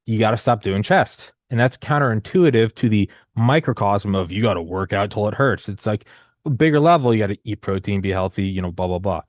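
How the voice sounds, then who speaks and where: A man's voice: lowish voice, expressive, fairly quick, dry recording, clean studio sound. A man in his thirties telling a long personal story in casual conversation, rambling and profane with many restarts and fillers. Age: 30s.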